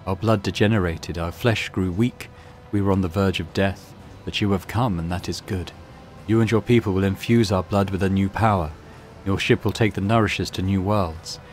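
A man voicing a serene, creepy mutant cult priest in a video game, with a low murmuring delivery. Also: steady tone, normal speed, faint music behind, close to an everyday voice. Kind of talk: reading game dialogue aloud.

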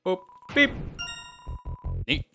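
A man's voice: drawn-out words, pushed and bright, faint music behind. A man casually commenting while playing a video game, jokey and sardonic, swearing freely. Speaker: gaming channel host. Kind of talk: casual let's-play commentary.

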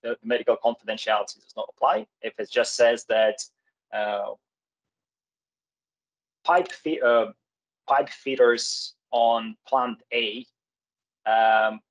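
A man presents over a video call, explaining workplace practice in a halting way. He fills pauses with many hesitations and restarts, in a plain mid-range voice. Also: medium pitch, rough recording. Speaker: occupational hygienist presenter. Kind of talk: webinar presentation.

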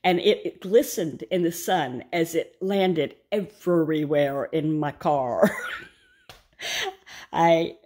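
Chatty woman, lowish voice. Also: slow pace, a little mellow. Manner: chatty, rambling storyteller who laughs often. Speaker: vlogger. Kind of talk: casual chat while cooking.

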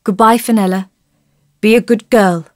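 A woman's voice: medium pitch, steady tone, moderate pace, a little mellow, no echo, clean studio sound, natural voice. A woman reading the lines of a tired, stern father saying goodbye. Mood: gentle. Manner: stern, brief. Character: tired stern father seeing off his mother.

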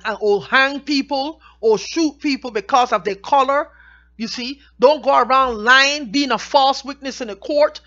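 A woman teaches scripture in a high, bright voice. She reads each verse slowly, then explains it in plain, everyday words. The recording sounds dull and lo-fi. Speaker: Bible teacher.

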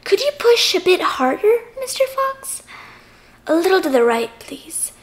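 A woman's voice: very high voice, big pitch swings, a little slow, voice pushed up, heavily acted. A woman voicing a clever small male piglet who coaxes politely and slyly. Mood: bossy, pleased. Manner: coaxing, falsely meek suggestions.

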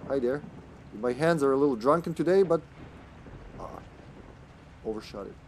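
A man's voice: mid-range voice, lively intonation, normal speed, darkish tone, a little hiss or hum. Chatty man streaming a game. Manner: chatty and jokey, often laughing, greeting chat. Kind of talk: live gameplay commentary.

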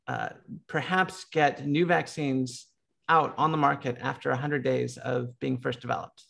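Gravelly American man, filler-heavy talk. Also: mid-range voice, fairly bright tone. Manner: lots of filler words and restarts. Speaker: panelist. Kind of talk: casual panel discussion.

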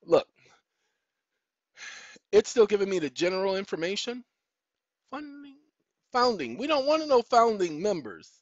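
High-pitched with big swings in pitch, this man speaks unhurriedly and pauses often, with no echo in the dull, lo-fi, dry recording. He hosts his own online show, chatting as he searches on a computer, scolding it and spelling out words letter by letter.

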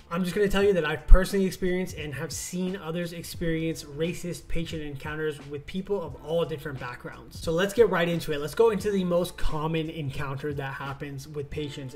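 Young male doctor, vlog host, earnest explainer, slightly high voice. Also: fairly quick, faint music behind. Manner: earnest, explanatory, rising emphasis. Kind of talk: casual talking-to-camera vlog.

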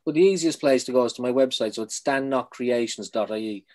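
A man from Ireland, a poet, chatting in an interview, quick and self-deprecating, trailing off softly. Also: medium pitch. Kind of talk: casual interview chat.

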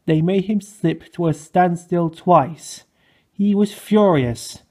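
Slow, husky storybook narrator. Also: male voice, on the high side. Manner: expressive, unhurried. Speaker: audiobook narrator. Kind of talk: storybook reading.

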